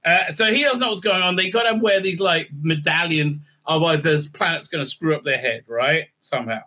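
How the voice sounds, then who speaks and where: A man's voice: a little high, a little fast, bright, forceful tone. A man hosting a casual, ranting review recap, crude and sarcastic with lots of fillers. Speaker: show host, TV reviewer.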